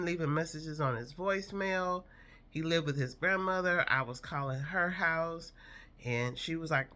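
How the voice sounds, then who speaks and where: Bright-voiced woman telling her own story. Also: low-pitched, normal speed. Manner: earnest, reflective, emotional. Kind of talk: personal storytelling.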